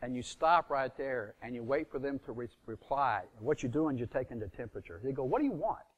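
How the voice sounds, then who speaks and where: A man's voice: mid-range voice, a little fast, muffled recording. A middle-aged man leading a live real estate seminar, quizzing the audience with fill-in questions and acting out phone calls.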